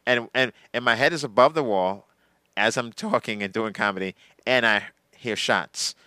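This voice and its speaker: Smooth, bright-voiced male comedian. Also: lowish voice, normal speed, no echo. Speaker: comedian guest. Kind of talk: casual chat.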